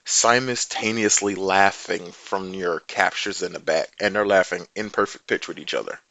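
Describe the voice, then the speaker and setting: A man's voice: deep voice, normal speed, gravelly, bright, forceful tone, no room sound, low-quality recording. A man narrating as game master in an easygoing way, laughing often.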